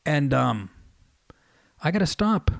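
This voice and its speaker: A man's voice: fairly high pitch, very animated, slow pace, vocal fry, no echo, studio quality. Profane fifty-something New man. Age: 50s. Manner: profane, storytelling, laughs mid-sentence. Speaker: radio show host. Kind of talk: casual monologue.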